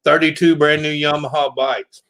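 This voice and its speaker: A man's voice: fairly high pitch, little pitch movement, moderate pace, a bit bright, no room sound, poor audio. A man chatting casually as a guest, easygoing and rambling through stories, saying yeah often. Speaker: regular guest. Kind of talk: casual chat.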